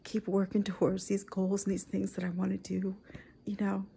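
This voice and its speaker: A woman in her forties speaking in a personal vlog, tearful and soft, often dropping to a whisper. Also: mid-range voice, monotone, normal speed, gravelly, slight background noise. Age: 40s. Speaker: vlogger.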